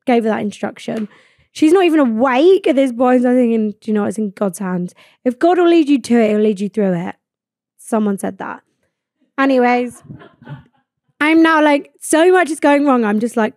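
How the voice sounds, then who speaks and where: A woman's voice: fairly high pitch, fairly quick, a little mellow, no room sound, studio quality. A young woman, hosting a podcast and telling a story casually, swearing often and acting out what people said. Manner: chatty, swears a lot, acts out quoted lines. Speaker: podcast host. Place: podcast studio.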